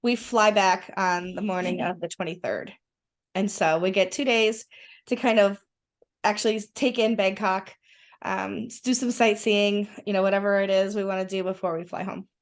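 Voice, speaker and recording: A woman's voice: mid-range voice, steady tone, moderate pace. A woman chatting as a guest, enthusiastic and rambling with many restarts. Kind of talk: casual conversation.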